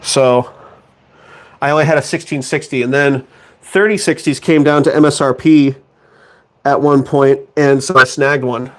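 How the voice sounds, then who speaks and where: A man's voice: medium pitch, fairly even intonation, moderate pace, long pauses, a bit bright. A young man chatting casually on a stream, joking and self-mocking as he rambles on. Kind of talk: casual live-stream chat.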